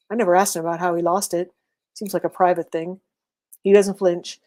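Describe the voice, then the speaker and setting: A woman reading a first-person serialized story aloud in a steady, wry, conversational way. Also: on the low side, brisk. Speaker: reader.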